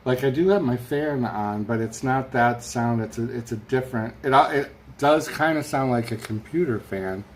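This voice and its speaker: A man's voice: mid-range voice, normal speed, hardly any pauses, slight background noise. A man hosting a casual live stream chat, rambling and reading out viewer comments from his room at home. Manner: rambling, chatty, reads viewer comments aloud. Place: home room with a fan running.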